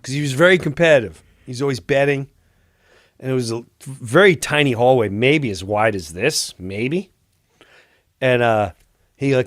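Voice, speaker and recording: A man telling a casual anecdote in an animated way, laughing and swearing as he goes. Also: mid-range voice, normal speed, no room sound, clean studio sound. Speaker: comedian telling a story.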